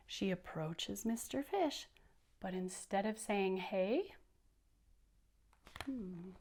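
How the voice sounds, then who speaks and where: A woman reading a picture book aloud to children, explaining the story and prompting them to repeat words and sounds with her. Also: mid-range voice.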